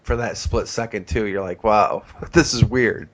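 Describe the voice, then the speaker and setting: A man's voice: lowish voice, measured pace. A man co-hosting a casual podcast, telling stories with frequent swearing and heated bursts. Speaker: podcast co-host. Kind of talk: casual profane chat.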